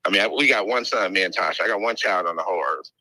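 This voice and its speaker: A man speaking on a recorded call, rambling and halting, trailing off and restarting. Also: lowish voice, pushed and bright, dry recording, rough recording.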